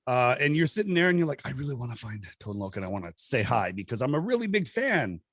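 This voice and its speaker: A middle-aged man hosting a podcast, telling stories in a casual, animated way and laughing often. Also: fast, dry recording, clean studio sound. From Southern California. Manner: animated, laughs often, acts out quotes in high voices. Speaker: podcast host. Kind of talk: casual storytelling chat.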